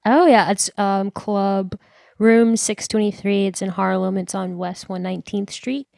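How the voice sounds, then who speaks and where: A woman's voice: medium pitch, little pitch movement, measured pace, vocal fry, warm tone, dry recording, clean studio sound. A young woman co-hosting a podcast, chatting casually and filling her talk with "like". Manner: chatty, lots of "like" fillers. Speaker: podcast co-host. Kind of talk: casual chat.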